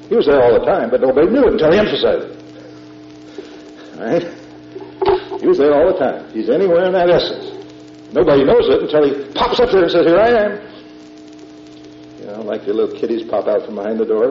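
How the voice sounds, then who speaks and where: Man, Bible teacher, low voice, patient repetitive explaining, echoey room, muffled old recording. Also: a little hiss or hum. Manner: explains patiently, repeats phrases, checks with "all right?". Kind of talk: classroom Bible lecture. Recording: echoey room, dull lo-fi tape, music behind.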